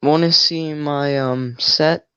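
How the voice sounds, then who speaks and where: A young man co-hosting a livestream, making dark jokes in a flat, deadpan way. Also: a little high, slow pace, smooth, no room sound, highs cut off. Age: teens or young adult. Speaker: livestream co-host. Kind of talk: casual livestream chat.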